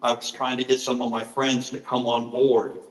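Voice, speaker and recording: Presenting in an echoey conference hall, a middle-aged author shares personal stories with earnest sincerity and many fillers. He speaks at normal speed in a mid-range voice with little pitch movement.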